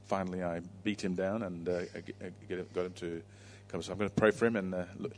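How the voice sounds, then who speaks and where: Man, low flat voice, church leader, halting intro and prayer. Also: slight background noise. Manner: halting, many fillers.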